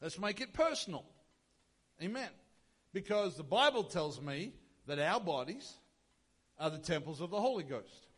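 A man's voice: high voice, sing-song, moderate pace, pauses often, husky. A male pastor preaching a sermon, emphatic, with rhetorical questions and repeated phrases.

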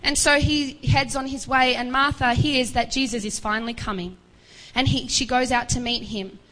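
A woman's voice: high-pitched, fairly even intonation, normal speed, fairly bright tone, poor audio. A woman preaching a sermon, retelling a Bible story earnestly and acting out the voices of its figures with pleading rises.

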